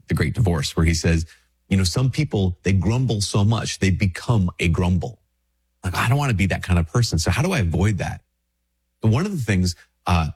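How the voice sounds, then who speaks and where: A man's voice: low voice, a little mellow, breathy edge. A man, a priest, talking in a casual, conversational reflection while sick with a stuffy nose, acting out little dialogues and repeating himself as he goes.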